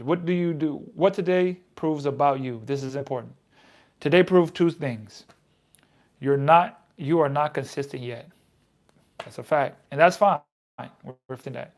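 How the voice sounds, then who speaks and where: A man's voice: on the high side, moderate pace, a little mellow. A man casually reading trading advice aloud and reacting to it in his own words, repeating lines for emphasis. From United States. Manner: reads text aloud then comments, emphatic repetition. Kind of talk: casual reflective self-talk.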